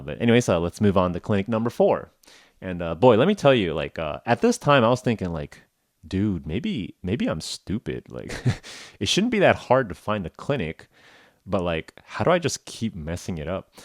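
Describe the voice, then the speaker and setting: Man, podcast host, deep voice, very animated delivery, dry close recording. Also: no room sound. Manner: animated, acts out dialogue with laughs. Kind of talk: casual storytelling for English learners.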